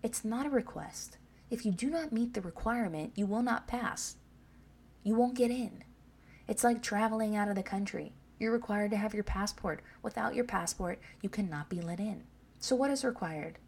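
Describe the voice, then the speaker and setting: A woman with a husky, slightly mellow, mid-range voice preaches a sermon at a normal speed. She reads scripture aloud and emphatically presses her points with repeated questions to the listeners, often asking "Amen?"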